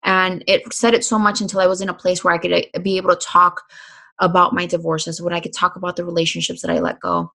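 A woman's voice: fairly low pitch, quick pace, creaky. A woman speaking as a podcast guest in casual conversation, emphatic and upbeat, swearing freely. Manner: lively, varies between calm and excited.

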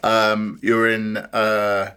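A man hosting a lunch interview, asking wry and measured questions. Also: on the low side, completely flat delivery, bright, forceful tone, clean tone. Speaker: interviewer, podcast host. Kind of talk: conversational interview over lunch. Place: at a restaurant table over lunch.

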